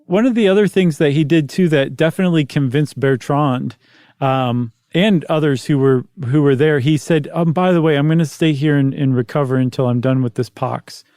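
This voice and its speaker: A man's voice: a little high, normal speed, a little mellow, no room sound, clean studio sound. A man co-hosting a podcast, explaining and recapping a historical story in casual chat. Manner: explanatory, recaps facts with asides. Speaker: podcast co-host.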